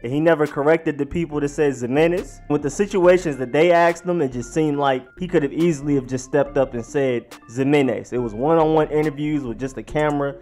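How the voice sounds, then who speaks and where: Slightly high-voiced man sounding out names. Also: darkish tone. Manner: slowly sounds out each name, then repeats it. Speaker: sports vlog host. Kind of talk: pronunciation guide, casual explainer.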